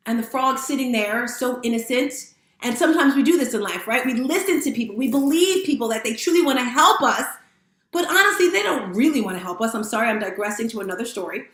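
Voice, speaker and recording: A woman's voice: on the high side, lively intonation, fast, a bit bright. A woman giving a candid, emotional, live-streamed motivational talk, casually addressing viewers as guys. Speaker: motivational speaker and fitness instructor. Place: room at home with lights set up. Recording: roomy echo.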